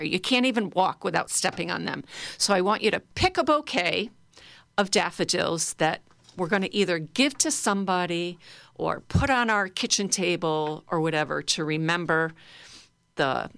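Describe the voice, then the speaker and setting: A woman leading a group through guided laughter exercises, playful and encouraging, breaking into loud laughter. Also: lowish voice, gravelly, no echo. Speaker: laughter yoga leader.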